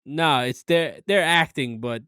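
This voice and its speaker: Casual male podcast co-host, slightly high voice, dry close sound, loose and profane. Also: measured pace, bright, forceful tone, clear, resonant tone, dry recording. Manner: laid-back, swears a lot, laughs often. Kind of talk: casual chat.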